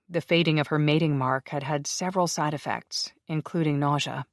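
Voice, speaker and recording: Even, measured romance audiobook narration. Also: mid-range voice, dry recording. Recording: dry close studio recording.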